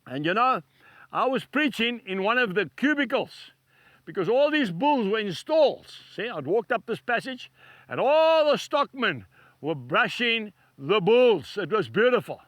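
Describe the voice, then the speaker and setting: A male TV preacher delivers an emphatic, repetitive devotional sermon outdoors beside cattle stalls. His voice sits high and bright and swings widely in pitch. The sound is close and dry. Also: sing-song, measured pace, dry recording.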